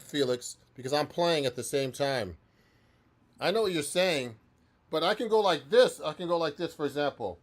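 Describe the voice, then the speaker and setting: A man's voice: on the high side, expressive, moderate pace. A man who is a professional musician and guitar teacher, chatting loosely through a live-stream practice session and answering viewers, with frequent restarts.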